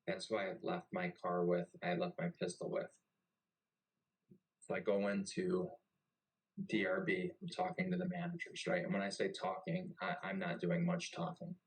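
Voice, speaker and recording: A young navy veteran tells a story loosely and casually. His voice sits on the low side, and he swears freely and keeps things animated. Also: moderate pace, rough recording. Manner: profane and animated. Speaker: podcast host and navy veteran.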